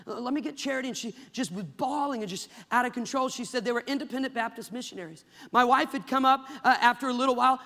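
A man in his thirties preaching a fervent sermon, building to loud climaxes. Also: extremely high pitch, long reverb tail.

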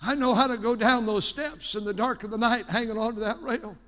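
A male pastor preaching in a church with a very high, bright, forceful voice. He swings from hushed pleading to shouting. The sound carries a long hall reverb. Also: fairly even intonation, a little fast. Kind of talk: sermon. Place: church sanctuary.

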